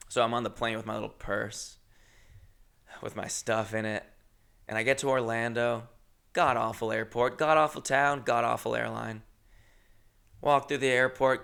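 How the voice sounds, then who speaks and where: A man telling a story as a comedy podcast host, profane and exasperated, swinging from low mutters to shouting. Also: vocal fry. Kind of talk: ranting storytelling monologue.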